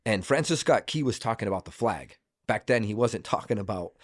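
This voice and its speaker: A man's voice: lowish voice, normal speed, few pauses, slightly rough, dry recording, clean studio sound. A man in his forties from Idaho, a guest talking casually and earnestly, with lots of fillers and restarts. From Idaho, USA. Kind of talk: casual conversation.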